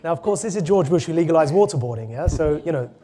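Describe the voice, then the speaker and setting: A man, an author and guest speaker, answering audience questions at a public talk in an earnest, fluent way, with quick restarts. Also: fairly high pitch, expressive, dark tone.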